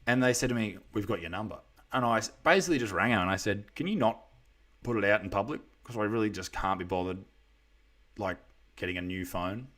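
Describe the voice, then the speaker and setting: A man's voice: lowish voice, brisk, fairly bright tone. Crude joking Australian man. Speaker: comedian livestream host. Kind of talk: casual live stream chat.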